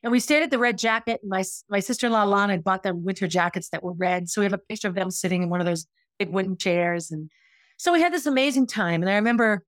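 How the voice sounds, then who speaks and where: A woman's voice: mid-range voice, fast talker, no room sound. A middle-aged woman telling a personal story as a podcast host, earnest and emotional, acting out quoted dialogue.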